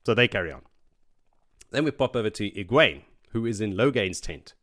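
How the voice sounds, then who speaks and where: A man co-hosting a book podcast, recapping chapters in casual chat and acting out characters' lines in quick voices. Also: lowish voice, lively intonation, fairly bright tone. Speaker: podcast co-host.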